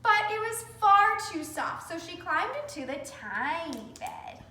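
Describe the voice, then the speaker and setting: High, lively woman reading to kids. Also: measured pace, a little hiss or hum. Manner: animated, speaking to children. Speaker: children's storyteller. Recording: roomy, from a distance.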